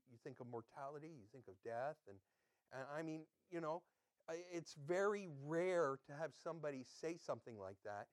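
A man's voice: fairly high pitch, no echo, studio quality. A man pastor giving a conversational sermon, quizzing his listeners and chatting with them between readings.

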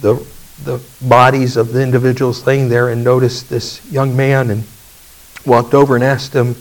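A man preaching a communion sermon, telling a story in a halting way with fillers. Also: medium pitch, little pitch movement, distant mic, low-quality recording. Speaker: pastor.

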